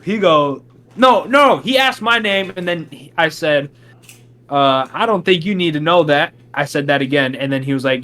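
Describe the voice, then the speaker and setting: A young man chats casually as a podcast co-host, telling a story at a moderate pace. He is animated and acts out quotes with big pitch jumps.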